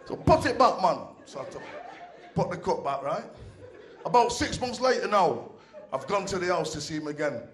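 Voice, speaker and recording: A man's voice: sits high, animated, normal speed. A man doing stand-up storytelling on a club stage into a handheld mic, chatty and profane, often checking in with the crowd. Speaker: comedian. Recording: roomy club echo.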